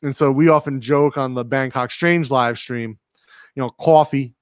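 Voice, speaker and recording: A man's voice: mid-range voice, normal speed, no room sound, clean studio sound. Laid-back man with a slight New England accent. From Rhode Island, USA. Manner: rambling, laid-back, talks to viewers directly. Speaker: livestream host. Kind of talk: casual livestream chat, reading viewer comments. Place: home studio.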